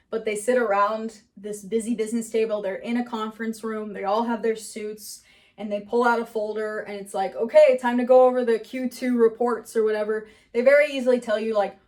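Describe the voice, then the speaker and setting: Animated young-sounding woman explaining comedy. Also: a little high. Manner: animated, laughs often, acts out quoted lines. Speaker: comedy writing teacher. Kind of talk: casual explainer lesson.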